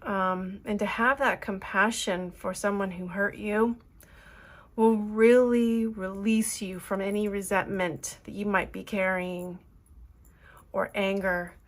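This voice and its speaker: A woman's voice: mid-range voice, fairly even intonation, slow. A woman giving an earnest, emotional tarot reading, rambling with fillers as she talks to her viewers. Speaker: tarot reader.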